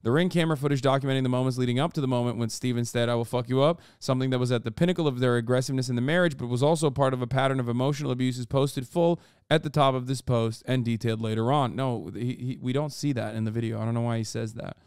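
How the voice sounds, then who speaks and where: A man with a smooth, resonant voice reads an article aloud and keeps cutting in with profane, disbelieving asides. The sound is dry and close, with no room around it. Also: medium pitch, steady tone, fast talker, few pauses, darkish tone, no echo. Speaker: streamer and commentator. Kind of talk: casual reaction commentary, reading an article aloud.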